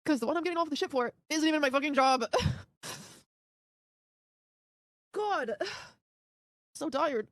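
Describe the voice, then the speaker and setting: A woman's voice: high voice, expressive, takes it slowly, long pauses, no room sound, studio quality. A woman in her thirties ranting on a livestream, exasperated and profane. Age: 30s. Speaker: streamer.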